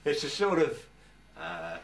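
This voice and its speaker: A man's voice: mid-range voice, very animated, slow pace, far from the mic. An older English man talking casually to camera in his home workshop, chatty and rambling, often stopping and restarting his sentences. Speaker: vlogger.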